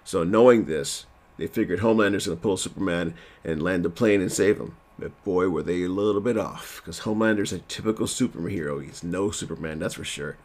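A man's voice: deep voice, brisk, few pauses, darkish tone. A man casually recapping a TV episode at home, rambling and self-deprecating, with lots of fillers.

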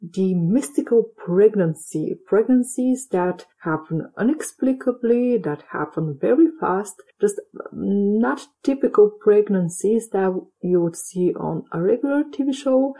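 Slow, mellow-voiced woman recapping TV. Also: medium pitch, lively intonation, poor audio. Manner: chatty, opinionated, wry asides. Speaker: TV episode recapper. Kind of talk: casual spoken episode recap.

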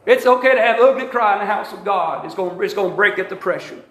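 A man's voice: high voice, lively intonation, quick pace, fairly bright tone, echoey room. A man preaching a sermon with emphatic repetition and calls to the congregation. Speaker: pastor. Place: church sanctuary.

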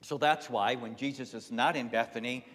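A male pastor preaching an Easter sermon in a conversational way, rising loud at climaxes and dropping to soft asides. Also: medium pitch, steady tone, moderate pace, long reverb tail. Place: church sanctuary.

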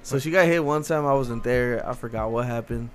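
Chill dude telling dog stories, cussing a lot, faint music under it. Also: male voice, medium pitch, brisk. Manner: laid-back storytelling, swearing, laughing. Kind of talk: casual chat.

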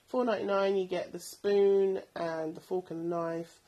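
A woman's voice: on the low side, little pitch movement, moderate pace, mellow, lo-fi sound. A woman in her thirties hosting a podcast, chatting casually about bargain buys and rambling with plenty of ums. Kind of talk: casual product recommendations.

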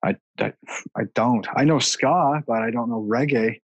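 A man hosting a casual podcast, laid-back and quick to laugh, swearing as he tells a school story. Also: medium pitch, husky, dry recording, highs cut off. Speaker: podcast host. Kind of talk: casual chat.

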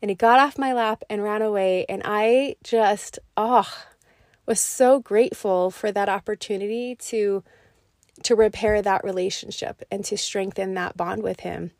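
A woman in her thirties hosts a podcast and tells a personal story. Her voice is soft and heartfelt, and she often restarts her sentences. The sound is dry and close, with no room echo. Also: medium pitch, fairly even intonation, a little slow. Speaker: podcast host.

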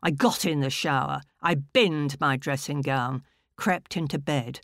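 A woman author reading her own short story aloud in a measured, deliberate way. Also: deep voice, no room sound, studio quality.

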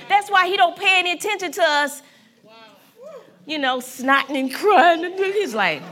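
A woman pastor preaches with fervor, her high voice swooping all over as she hammers home repeated lines. Her tone is bright and ringing, and she calls on the listeners to answer back. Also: expressive, moderate pace, some chatter behind. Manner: fervent, emphatic preaching with repetition and call-and-response. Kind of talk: sermon.

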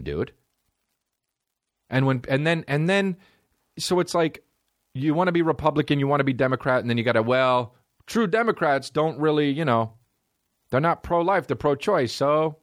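A man hosting a solo podcast, ranting in a rambling, profane way with big swings in pitch. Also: no echo, studio quality. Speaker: podcast host.

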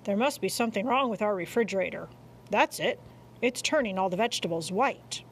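Lady reading a flustered dad in a kids story, lots of uhs, lively voice. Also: medium pitch, a little fast, slight background noise, natural voice. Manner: hesitant, stumbling with fillers. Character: flustered father, hesitant and mild.

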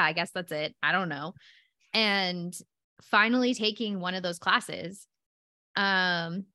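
A young woman chats on a podcast, her voice bright and forward. She tells stories in a lively, animated way, close to a dry mic with no room sound. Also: fairly low pitch, no echo. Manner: chatty, animated storytelling with laughs. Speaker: podcast host. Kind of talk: casual podcast chat.

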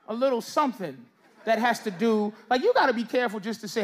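A man doing loud, teasing stand-up crowd work on a comedy stage. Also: high-pitched, animated, brisk. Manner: loud, teasing, riffing with the audience. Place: comedy stage before a live audience. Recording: noisy live show with crowd laughter.

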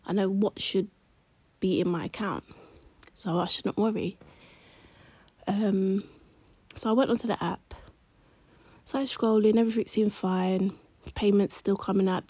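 A woman telling a personal story in a chatty, slangy vlog, often dropping into hushed asides. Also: medium pitch, breathy edge, dry recording. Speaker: vlogger.

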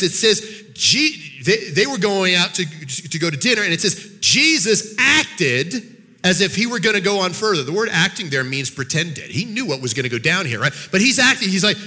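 A man giving a sermon as a guest speaker, telling a Bible story in an animated way, acting out the characters' voices and often repeating words as he goes. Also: high voice, long reverb tail.

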